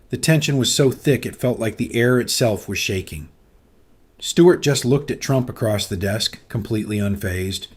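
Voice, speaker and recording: A man narrating a scripted story in a dramatic, suspenseful manner. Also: mid-range voice.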